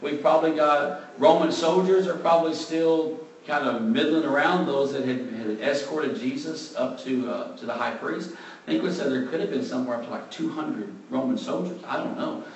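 A man giving a conversational Bible teaching, relaxed and thinking aloud, openly admitting what he is unsure of. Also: fairly high pitch, moderate pace. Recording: very echoey room, mic far off, faint background noise.

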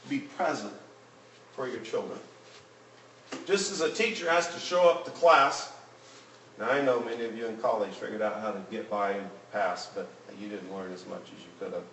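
A man's voice: medium pitch, sharp tone, slight background noise. A man teaching a Bible class in an earnest tone, reading scripture aloud to the group. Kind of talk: Bible lesson. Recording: roomy room, mic at a distance.

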